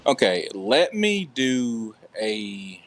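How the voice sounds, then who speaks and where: A man's voice: medium pitch, very animated, extremely slow, a bit bright. A man playing a tabletop game, thinking aloud hesitantly as he decides his move. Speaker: player. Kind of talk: casual tabletop play.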